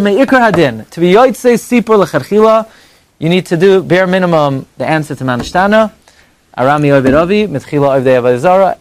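A man with a high voice teaches an evening class to a live audience. He is animated and conversational, jumping between bright exclamations and quiet asides, and he keeps firing rhetorical questions. The sound is dry and close, with almost no room echo. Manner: quick rhetorical questions and mock dialogue.

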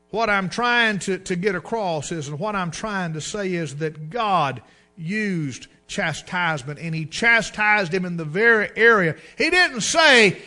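A man preaching a sermon in a folksy storytelling way, acting out the people in his stories. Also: bright, forceful tone. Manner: folksy storytelling, acts out dialogue with rising pitch and volume.

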